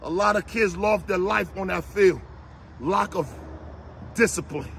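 A man with a raspy, gravelly voice giving a fiery motivational speech, shouting repeated exhortations like a preacher. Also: high-pitched, very animated, measured pace. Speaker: motivational speaker.

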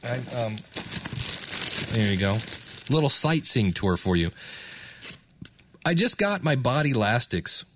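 A man's voice: mid-range voice, very animated, a little slow, long pauses, noisy background. A man hosting his own podcast, talking casually and candidly, self-deprecating and rambling with restarts. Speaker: podcast host. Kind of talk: casual solo podcast talk.

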